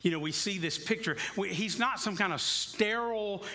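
A pastor preaching a conversational sermon in a church, moving between easy asides and passionate emphasis. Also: male voice, high voice, moderate pace, pushed and bright. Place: church sanctuary.

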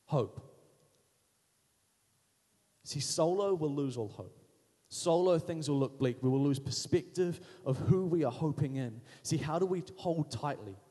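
A man's voice: a little high, warm tone, breathy edge. A man preaching a sermon as pastor, emphatic and repetitive, in short punchy phrases. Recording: long hall reverb.

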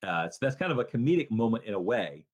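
A man co-hosting a casual movie podcast, retelling scenes in a rambling way and acting out the characters' lines. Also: fast talker. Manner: animated storytelling, acts out scenes in a loud high voice; rambling with many restarts and fillers. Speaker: podcast co-host.

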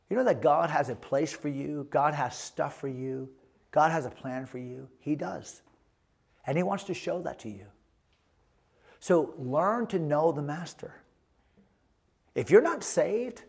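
A man preaching a sermon as pastor, emphatic, swinging between loud exhortation and quiet earnest asides. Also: fairly high pitch, gravelly. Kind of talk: energetic sermon to young people.

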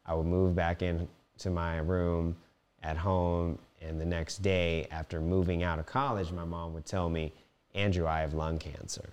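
A young man telling a raw personal story, swearing freely and swinging between playful voices and heavy quiet. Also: deep voice, level tone, a little slow, clean tone. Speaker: guest telling his life story.

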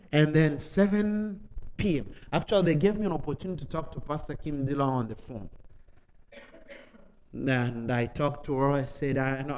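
A man preaching a testimony in broken English, telling his story with animation and dropping from quiet, low passages into loud, excited ones. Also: low-quality recording. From Africa. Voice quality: non-native English, broken grammar. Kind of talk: sermon testimony.

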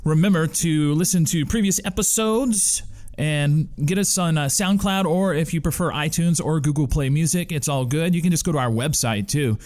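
A man's voice: on the high side, moderate pace, darkish tone. A man in his thirties hosting a casual radio talk show, joking and swearing freely.

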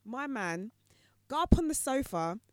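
A woman's voice: fairly low pitch, normal speed, no room sound, studio quality. A woman co-hosting a casual podcast chat, telling stories animatedly and acting out voices. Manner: animated storyteller, acts out voices. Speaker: podcast co-host.

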